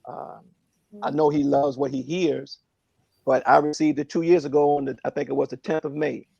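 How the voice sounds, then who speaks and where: A man speaking earnestly and reflectively on a phone prayer line, in a halting way with many fillers. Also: fairly high pitch, flat delivery, vocal fry, mellow, breathy edge, no room sound, dull audio.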